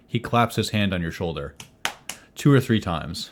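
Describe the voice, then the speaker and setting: A man narrating a tabletop role-playing game as game master, theatrical and animated. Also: low voice, unhurried.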